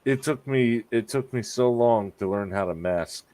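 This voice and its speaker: A man's voice: medium pitch, moderate pace, darkish tone, no room sound. Laid-back co-host man with short asides. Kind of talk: casual chat.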